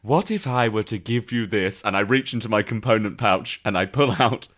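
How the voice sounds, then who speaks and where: A man's voice: on the low side, normal speed, fairly bright tone. A man voicing a pompous young man who loves the circus and talks in a theatrical, old-fashioned way in a tabletop game. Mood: wheedling. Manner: theatrical, archaic phrasing. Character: pompous young male circus lover, mock-Shakespearean.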